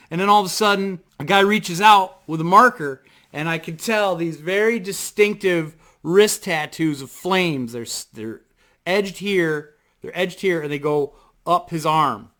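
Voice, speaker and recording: A man with a bright, forceful voice sitting pitched a touch high for a guy. He rambles through his story with plenty of fillers and casual swearing, excited and loose, talking to camera from his desk at home. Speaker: vlogger. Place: home desk in front of a computer.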